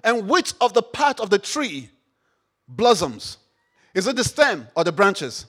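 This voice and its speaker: A man preaching a sermon, repeating phrases, firing questions at the congregation and rising to shouts. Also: high-pitched, big pitch swings, measured pace, husky. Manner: call-and-response, repeats phrases, rises to shouts; rhetorical questions to the audience.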